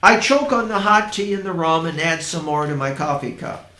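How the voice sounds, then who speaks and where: A man reading his own first-person story aloud, in a dreamy, unhurried storytelling manner. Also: fairly high pitch, animated, bright, forceful tone. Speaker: narrator. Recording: roomy echo.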